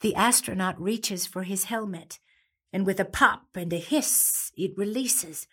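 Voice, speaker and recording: A woman playing a slow-spoken grieving mother. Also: medium pitch, fairly bright tone. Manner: slow, halting, heavy with emotion. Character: grieving mother of a gravely wounded soldier son. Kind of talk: dramatic monologue.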